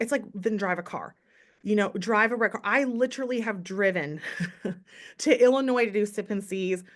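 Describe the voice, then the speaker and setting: A woman's voice: fairly high pitch, moderate pace. Chatty motivational woman telling her story. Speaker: direct sales team leader. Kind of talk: casual chat on a team call.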